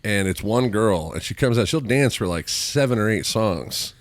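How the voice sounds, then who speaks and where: A man hosting a podcast, telling crude stories in a casual, animated, profane way. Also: on the low side, moderate pace, no room sound. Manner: animated, profane storytelling with voiced asides. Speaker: podcast host.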